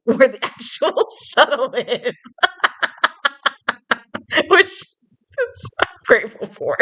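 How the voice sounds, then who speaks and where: A woman's voice: mid-range voice, a bit bright. A woman vlogging in a casual, chatty storytelling monologue, laughing often and restarting her sentences. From suburbs, grew up in.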